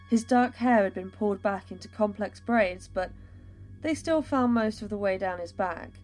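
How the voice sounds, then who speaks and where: Woman reading a fantasy tale aloud, steady and measured, some quiet music behind. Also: medium pitch. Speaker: narrator.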